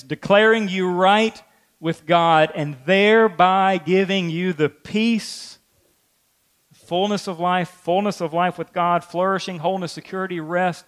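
A middle-aged man preaching a sermon, earnest, repeating key phrases for emphasis. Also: high voice. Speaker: pastor.

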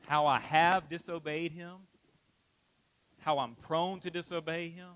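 A man's voice: on the high side, fairly even intonation, measured pace, a bit bright, low-quality recording. A man preaching a sermon to his church, emphatic, repeating phrases and asking rhetorical questions. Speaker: pastor.

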